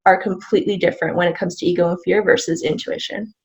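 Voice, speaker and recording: A woman as a guest in a casual interview, explaining things in a gentle way. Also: lowish voice, fairly even intonation, quick pace, lo-fi sound.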